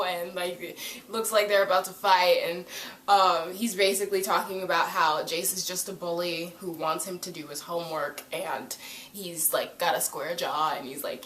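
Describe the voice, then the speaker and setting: Young woman, casual recap vlog, gushing chatty delivery, slightly low voice, roomy echo. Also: fairly even intonation, normal speed, a bit bright. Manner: gushing, chatty, full of "like" and acted-out quotes. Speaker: vlogger reviewing a TV episode.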